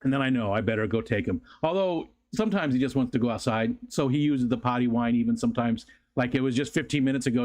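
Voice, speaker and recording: A man talking casually on a livestream from his house. He rambles in an easygoing way, leans on fillers, and sits at a middle pitch. It sounds like relaxed, unscripted chat with his viewers. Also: fast, hardly any pauses. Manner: rises to a high sing-song baby voice when talking to his dog. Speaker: livestream host. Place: home room.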